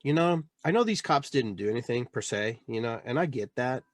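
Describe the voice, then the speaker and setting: A man's voice: mid-range voice, lively intonation, brisk, no room sound. A middle-aged man from Peru hosting a podcast, talking in a rambling, emphatic way with many restarts. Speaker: podcast host. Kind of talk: casual monologue, town hall chat.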